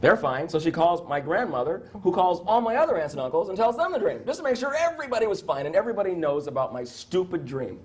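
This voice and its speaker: A middle-aged man, a psychiatrist, telling a personal story in an interview, animated and stumbling over restarts, acting out the lines he quotes. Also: high-pitched, quick pace, hardly any pauses. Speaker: psychiatrist guest.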